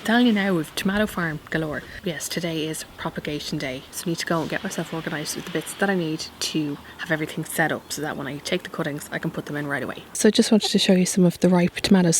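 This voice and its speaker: A woman talks to camera from her back garden in a relaxed, wandering way. Her voice sits low, and she fills her chat with "like" and "um". Faint outdoor noise hums behind her. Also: low-quality recording. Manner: chatty, rambling, with many fillers. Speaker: gardening vlogger.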